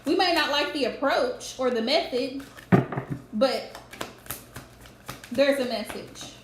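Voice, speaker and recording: A woman's voice: high voice, lively intonation, slow. A woman giving a live-streamed tarot reading, earnestly advising viewers and often repeating her points. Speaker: tarot reader. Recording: roomy echo with faint background noise.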